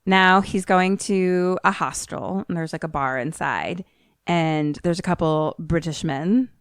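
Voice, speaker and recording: A woman's voice: fairly low pitch, unhurried, smooth, dry recording, studio quality. A woman co-hosting a podcast, casually retelling a film's plot and laughing often.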